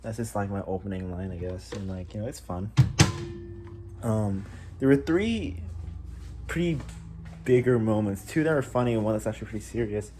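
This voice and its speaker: A tired young man talking in a casual diary vlog, halting and full of fillers and restarts. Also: lowish voice. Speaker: vlogger.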